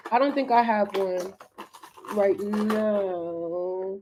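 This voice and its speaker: A woman's voice: mid-range voice, very slow, noisy background. A woman in her twenties from Philadelphia, chatting loosely on a livestream and reading out viewer comments, full of "like" and "um". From Philadelphia, USA. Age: 20s. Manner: chatty and rambling, lots of "like" and "um". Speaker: YouTuber hosting a livestream. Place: her apartment.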